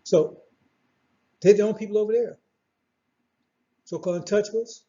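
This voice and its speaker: High-voiced preacher man, dull recording. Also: normal speed, mellow. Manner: preachy, repetitive, confrontational, rhetorical questions. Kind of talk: sermon.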